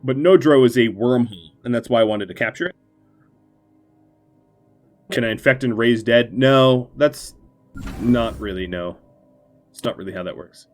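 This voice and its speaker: A man's voice: medium pitch, normal speed, long pauses. A man streaming a strategy game, giving casual, playful gameplay commentary in a gleefully mock-villainous way. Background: faint game music.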